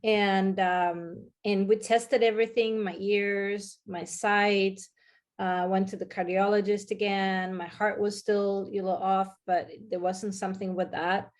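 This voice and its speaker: A woman being interviewed, telling her own story in a hesitant way and often restarting to find her words. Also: mid-range voice. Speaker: interview guest.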